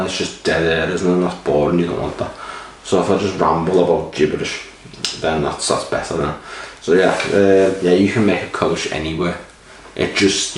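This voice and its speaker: A man's voice: low-pitched, slight background noise. A man rambling casually and swearing while reviewing a beer, a little sleepy. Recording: roomy echo, mic at a distance.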